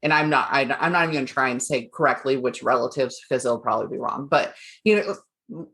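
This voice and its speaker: A woman's voice: extremely low pitch, quick pace, fairly bright tone. A woman hosting a podcast, chatting casually and laughing often. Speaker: podcast host. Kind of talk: casual chat.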